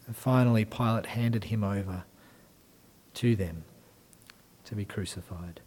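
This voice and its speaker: A man preaching a sermon, moving from hushed lines to loud, emphatic ones. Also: lowish voice, unhurried, husky. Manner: swings from quiet to loud and emphatic.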